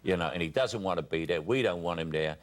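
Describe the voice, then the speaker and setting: A man's voice: low voice, quick pace. A man in his seventies with a Cockney accent, a talk show guest telling anecdotes with quoted dialogue. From England. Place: TV studio with audience.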